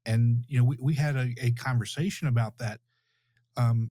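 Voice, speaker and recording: A man hosting a podcast, talking reflectively in a halting, conversational way. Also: medium pitch, fairly even intonation, dark tone, no echo. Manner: reflective, halting, many restarts. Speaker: podcast host. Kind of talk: conversational interview.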